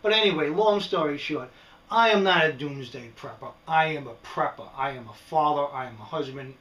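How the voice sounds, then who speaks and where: Standing far from the mic in an echoey room, a prepping vlogger speaks briskly in a fairly high voice with a New York accent. The middle-aged man rambles and rants in an animated way, often adding "right?".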